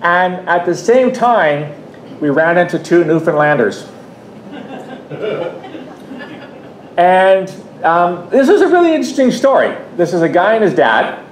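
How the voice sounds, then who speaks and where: A man's voice: very animated, a little slow, long pauses. A Canadian man in his fifties giving a public talk, telling a personal story in a conversational way with frequent restarts and asides. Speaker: guest speaker. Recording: echoey room, faint rumble.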